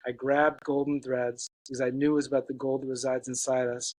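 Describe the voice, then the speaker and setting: A man telling an earnest personal story as a guest, halting, with many restarts and fillers. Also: medium pitch, flat delivery, a little mellow, dry recording, rough recording.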